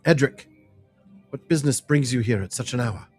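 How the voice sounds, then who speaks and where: A man voicing a proud, stern young noblewoman with formal, measured speech in a fantasy game. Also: mid-range voice, darkish tone, faint music behind, close to an everyday voice.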